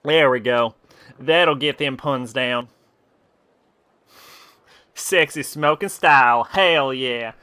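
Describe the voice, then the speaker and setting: A man's voice: mid-range voice, takes it slowly, pauses often, pushed and bright, smooth. A man streaming a video game, cracking profane jokes in casual, giddy commentary.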